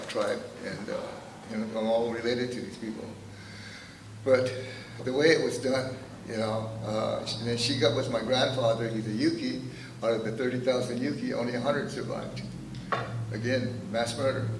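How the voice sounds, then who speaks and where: A man in his seventies telling his family's history at a teach-in, halting and full of "uh" and "you know". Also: medium pitch, vocal fry, background noise. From Northern California. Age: 70s. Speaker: speaker at a teach-in. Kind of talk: personal storytelling talk. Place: meeting room. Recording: echoey room, recorded from a distance.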